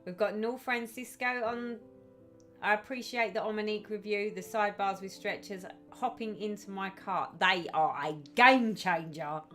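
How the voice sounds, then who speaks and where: A woman's voice: mid-range voice, fairly bright tone. A woman hosting a casual live stream, chatting and reading out viewers' comments with effusive sympathy.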